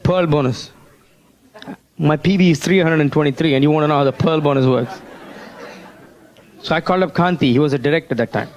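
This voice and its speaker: A man's voice: on the high side, quick pace, darkish tone, muffled recording, a faint crowd. A man giving a motivational seminar talk, telling stories and often asking the audience questions. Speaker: motivational speaker at a business seminar.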